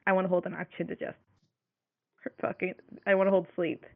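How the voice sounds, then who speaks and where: A man at a tabletop game, chatting casually and asking the game master quick questions. His voice is high for a man. The sound is dry and tinny, like a phone line. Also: flat delivery, gravelly, no echo. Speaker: player.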